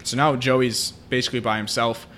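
A man's voice: medium pitch, level tone, fairly quick, a bit bright. Male co-host, mid-range voice, casual film recap, faint noise in the background. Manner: retelling a film plot at length, with many fillers. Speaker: podcast co-host. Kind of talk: casual podcast chat.

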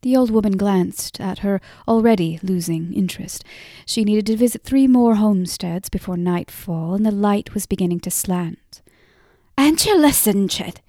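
A woman narrating a fantasy audiobook in a measured, softly drawn-out storytelling voice on a close mic. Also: mid-range voice, no echo. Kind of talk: scripted narration.

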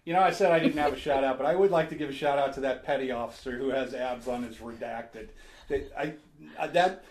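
A man's voice: mid-range voice, a little fast, a little mellow. A man hosting a podcast in casual chat, joking and laughing often. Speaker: podcast host. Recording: roomy echo.

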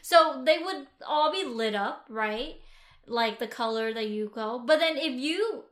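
A woman's voice: high voice, lively intonation, a little slow, a bit bright. A woman from the United States co-hosting a casual chat, rambling a little, with many fillers and restarts. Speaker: podcast co-host.

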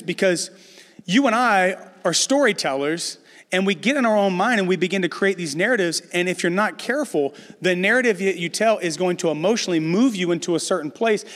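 A middle-aged male pastor preaches with a raised, animated voice, jumping into personal stories and joking with his listeners. His voice rings out through a large hall with a long reverb tail. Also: sits high. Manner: animated storytelling, addresses the congregation with humor. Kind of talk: sermon.

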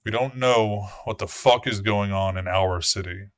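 A man's voice: fairly low pitch, unhurried, no echo, studio quality, natural voice. A man voicing a male vampire prince who gives formal, authoritative orders with blunt swearing in a tabletop game. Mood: grave.

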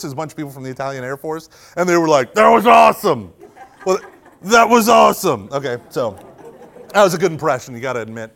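Man, high-pitched voice, humorous youth talk, animated storyteller, bursts of shouting. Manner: animated, jokey, breaks into shouting when acting out the story. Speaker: speaker at a Catholic youth event.

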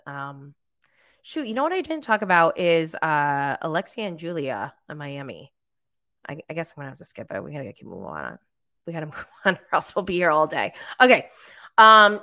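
A woman hosting a casual live recap stream, chatting with lots of fillers and jumping up in pitch when she quotes herself. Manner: animated, jumps high when quoting herself. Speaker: live show host recapping reality TV.

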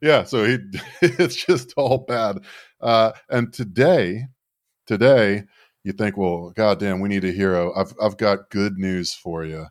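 Dry close podcast guy, kinda low voice, sardonic rambling, lots of restarts. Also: slow, no room sound. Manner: sardonic, rambling, frequent self-corrections. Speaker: podcast co-host. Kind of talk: casual political podcast banter.

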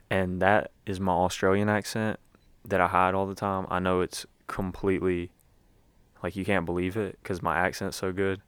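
A man's voice: low voice, level tone, normal speed, a bit bright, smooth, dry recording. A young man giving a rambling, casual recap as a sports fan, with lots of fillers and restarts.

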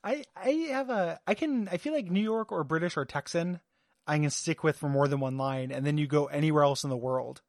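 A man's voice: fairly high pitch, brisk, no room sound, studio quality. Hesitant man co-hosting a chatty podcast. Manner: hesitant, many fillers, laughs easily. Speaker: podcast co-host. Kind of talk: casual chat.

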